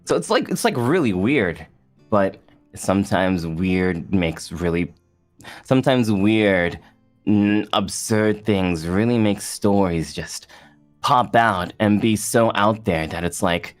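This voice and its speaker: Rambling, low-voiced male guest. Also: animated, soft background music. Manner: rambling, halting, full of fillers and restarts. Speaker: guest on a streamed talk show. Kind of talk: casual chat.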